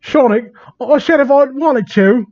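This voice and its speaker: Man putting on a cartoon girl hedgehog, high pitched, pleading, dull lo-fi audio. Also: measured pace, a little mellow. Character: Amy Rose, pleading female cartoon hedgehog. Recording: dull lo-fi recording.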